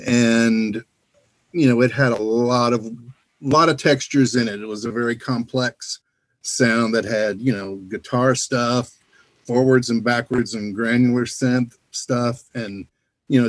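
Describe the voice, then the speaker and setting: Male sound designer on a video call, rambling, filler-heavy, mid-pitched. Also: no room sound. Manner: rambling, full of "you know" fillers. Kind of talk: casual panel Q&A over a video call.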